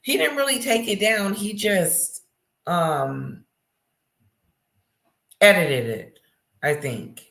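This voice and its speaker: A woman's voice: medium pitch, takes it slowly, creaky, pauses often, a bit bright. A woman hosting a casual livestream, reading viewer comments aloud, greeting chatters by name and reacting to them. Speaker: livestream host reading chat. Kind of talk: casual live chat commentary. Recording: echoey room.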